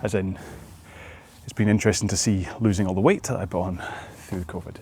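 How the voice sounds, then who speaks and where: A man's voice: low voice, steady tone, fairly quick, background noise. A man coaching a follow-along rowing workout outdoors, chatting in a rambling, friendly way with self-deprecating asides.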